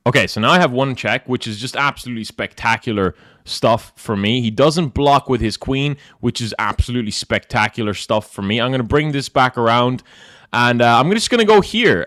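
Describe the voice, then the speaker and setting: A man's voice: medium pitch, lively intonation, moderate pace, fairly bright tone. A young man talking through his chess moves on a live stream in a loose, casual way. He jokes, brags in mock grandeur and pokes fun at himself. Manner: joking, mock-boastful, self-mocking.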